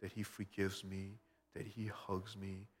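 A man's voice: deep voice, completely flat delivery, measured pace, a little hiss or hum. Male pastor, earnest sermon delivery, many rhetorical questions, long hall reverb. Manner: earnest, personal storytelling with frequent rhetorical questions.

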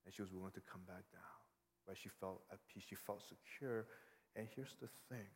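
A pastor with a low voice preaches a sermon at a moderate pace, earnest and conversational, often checking in with "right?" His words carry a long hall reverb.

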